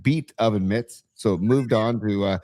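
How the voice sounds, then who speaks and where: A man's voice: on the low side, normal speed, darkish tone, dry recording, studio quality. A man co-hosting a sports podcast, teasing his partner in a playful way during casual chat. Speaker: podcast co-host.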